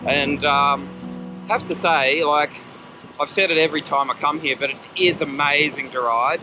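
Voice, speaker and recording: A man's voice: on the high side, steady tone, normal speed, poor audio. A man talking to a camera while cycling outdoors, chatty and rambling, with wind over the mic and music behind. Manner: chatty, rambling, self-deprecating. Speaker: cycling vlogger. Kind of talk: casual talk to camera while riding. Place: outdoors on a road bike in traffic. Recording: wind noise over a bike-mounted camera.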